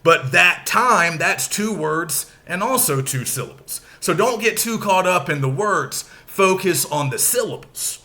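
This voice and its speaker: A male teacher gives a recorded lecture in a slow, unhurried way, leaning on syllables to show their stress. His voice sits a bit high and sounds bright and forceful. He keeps explaining step by step. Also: animated.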